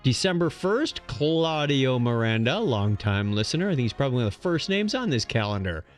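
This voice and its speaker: A man co-hosting a podcast, reading this-day-in-history items in a joking, animated way. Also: mid-range voice, faint music behind. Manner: animated, joking, quick to laugh. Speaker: podcast co-host.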